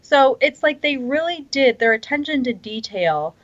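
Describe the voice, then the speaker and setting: A woman's voice: sits high, lively intonation, moderate pace. A woman chatting casually on a podcast, enthusiastic and restarting her sentences often. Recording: dull lo-fi sound.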